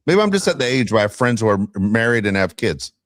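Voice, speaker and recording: Podcast host, middle-aged man, low-pitched, lively storyteller on a dry mic. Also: fast, dry recording. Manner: animated storyteller, ranting, laughs often. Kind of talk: casual sports podcast chat.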